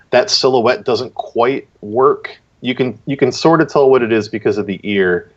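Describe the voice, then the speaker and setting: Man, low voice, relaxed stream judge, keen and repetitive in praise, dull lo-fi audio. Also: normal speed, few pauses. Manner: enthusiastic, repeats "really, really" for emphasis. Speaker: guest judge. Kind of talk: casual live-stream art critique.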